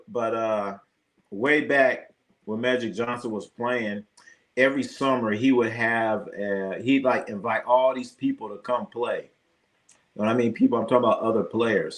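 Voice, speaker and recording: Casual, profane sports stream host. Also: male voice, medium pitch. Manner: loose, profane, reacts to chat. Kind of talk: casual live-stream chat.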